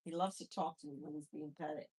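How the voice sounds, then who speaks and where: A woman's voice: deep voice, steady tone, fairly quick, darkish tone, breathy edge. A woman hosting a casual live chat, handling her pets and cooing to them in baby talk between replies to viewers. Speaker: live-stream host and rabbit foster carer.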